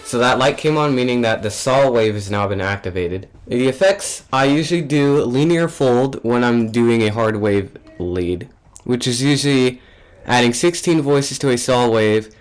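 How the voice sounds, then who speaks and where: A man's voice: medium pitch, normal speed, smooth. A young man, a music producer, casually talking through how he built a track, loose and offhand with frequent fillers and restarts. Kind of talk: casual tutorial narration.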